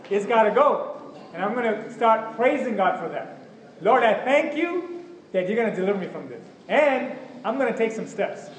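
Male preacher, high pitch, impassioned, roomy hall sound with faint background ambience. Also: a little hiss or hum. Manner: impassioned, acts out prayers and dialogues. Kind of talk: sermon.

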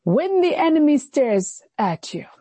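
A woman pastor preaching a sermon, slowing down to stress phrases and mockingly voicing the enemy's taunts. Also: high voice, sing-song, warm tone, slight background noise.

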